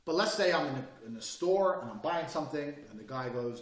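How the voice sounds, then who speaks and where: A man's voice: medium pitch, animated, a little fast, hardly any pauses. A man teaching a recorded course in a swaggering, boastful and profane manner. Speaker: course instructor. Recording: roomy echo, mic set far off.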